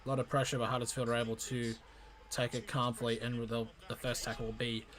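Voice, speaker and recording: A man calling a rugby league match live for his stream, in an amateur play-by-play style that jumps in excitement and often stumbles and corrects himself. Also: mid-range voice, a little fast. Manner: excitable, frequent restarts and self-corrections.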